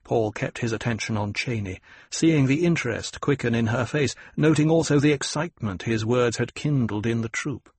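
Husky man narrating a novel. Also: medium pitch, normal speed, hardly any pauses, dry recording. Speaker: audiobook narrator. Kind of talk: scripted narration.

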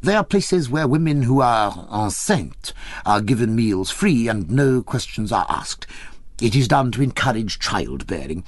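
A man reading an audiobook, telling the story in an expressive, wry way. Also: medium pitch, measured pace, no room sound. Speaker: audiobook reader. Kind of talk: audiobook narration of a memoir.

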